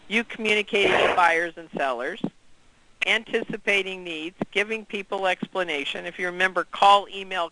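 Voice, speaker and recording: A man leading an interactive training session, energetic and quizzing the group. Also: sits high, low-quality recording.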